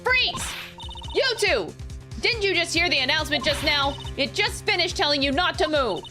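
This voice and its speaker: Woman putting on a shrill nagging old lady. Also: expressive. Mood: scolding. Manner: rapid, scolding nonstop chatter. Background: game music.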